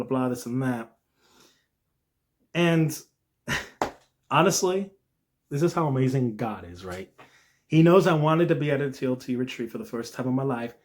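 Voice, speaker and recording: Earnest young man sharing devotional thoughts. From New Jersey. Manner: earnest, lively rises in pitch, frequent "all right?" asides. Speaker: Christian video creator. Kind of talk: devotional talk to camera.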